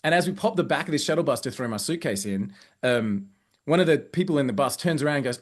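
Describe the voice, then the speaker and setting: An Australian man, a company growth director, telling casual anecdotes in a lively, chatty way with plenty of fillers and restarts. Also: on the high side, fast.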